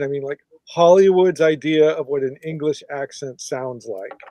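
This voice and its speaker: This is an American man hosting a casual podcast over a video call. His voice sits a little high, and he rambles, restarting his thoughts as he goes. The sound is dry, with no room echo. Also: normal speed, hardly any pauses, dark tone. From United States. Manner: rambling, self-correcting. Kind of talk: casual chat.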